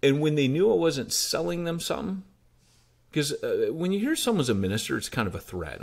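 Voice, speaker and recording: A man's voice: mid-range voice, a little fast, vocal fry. An American man, a pastor, telling stories in a casual interview and acting out the dialogue he quotes. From United States. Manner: animated, acts out quoted dialogue. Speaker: pastor and church planter. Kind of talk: conversational interview storytelling.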